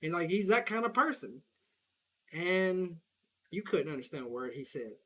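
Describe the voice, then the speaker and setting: Southern young guy rambling while gaming, kinda high voice, swears a lot, laughs a bunch. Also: sing-song, normal speed, a bit bright. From Southern United States. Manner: rambling, profane, laughs often. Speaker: gaming streamer. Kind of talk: casual chat while gaming.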